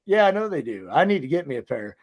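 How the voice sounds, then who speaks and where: Man, casual profane storyteller, slightly raised pitch, video call. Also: very animated, fast talker. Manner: loose, profane storytelling with acted-out quotes. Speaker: podcast co-host, former wrestler.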